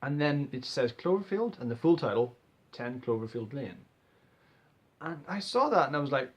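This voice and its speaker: A young man excitedly rambling through a casual movie trailer reaction, swearing freely and restarting his sentences. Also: a little high, unhurried, long pauses. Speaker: vlogger.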